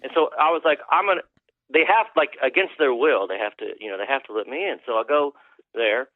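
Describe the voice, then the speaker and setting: A man's voice: mid-range voice, a little fast, no echo. A man, a country musician guest, telling rambling, profane stories in a casual interview. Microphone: phone call. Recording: tinny phone line, dry.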